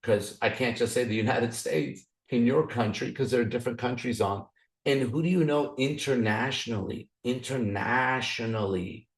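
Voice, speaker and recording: A raspy man leading a motivational training call, excitable, swinging up and down and restarting his sentences often. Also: moderate pace. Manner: excited, repetitive, frequent restarts; swings up and down in pitch. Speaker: business opportunity trainer.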